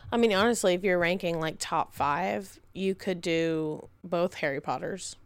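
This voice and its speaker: A woman in her thirties, a podcast host and mother, telling a story in a casual, animated and dramatic way. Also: on the low side, normal speed, clear, resonant tone, no echo.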